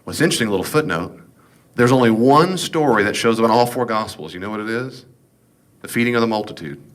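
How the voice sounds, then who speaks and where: A man's voice: lowish voice, expressive, quick pace. A man teaching an informal Bible class, folksy and digressive with joking asides.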